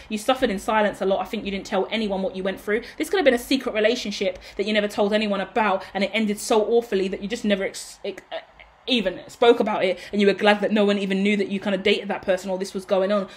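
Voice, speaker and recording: A woman giving a casual tarot reading to her viewers, excitable and swearing freely, breaking into shouts and laughter. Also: medium pitch. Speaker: tarot reader.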